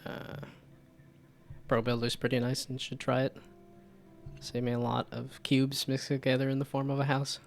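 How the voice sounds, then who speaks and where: Rambling game-dev streamer, faint music. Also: male voice, mid-range voice, monotone, normal speed, vocal fry, pauses often. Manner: rambling, self-deprecating, frequent restarts. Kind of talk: casual live-stream chat.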